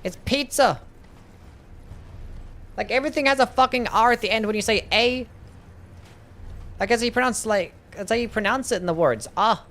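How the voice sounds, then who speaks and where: A man's voice: high-pitched, quick pace, a bit bright. A man streaming a video game live, talking back to his chat in an exasperated way and swearing often. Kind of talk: live-stream commentary while playing.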